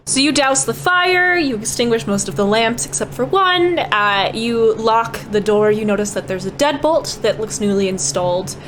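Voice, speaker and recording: A woman's voice: a little high, normal speed, hardly any pauses, a little hiss or hum. Woman game master narrating a tabletop scene. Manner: relaxed, wry scene description with fillers.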